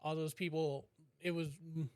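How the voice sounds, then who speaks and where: A man's voice: on the high side, level tone, normal speed, a little mellow, clean tone, dry recording. A man co-hosting a podcast in loose, rambling casual chat, swearing often and laughing. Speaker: podcast co-host.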